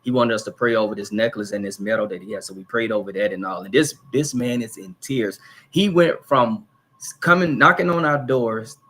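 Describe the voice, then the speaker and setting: A man, a pastor, hosting a live church discussion and telling a story in a lively, animated way. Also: lowish voice, brisk. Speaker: pastor and host.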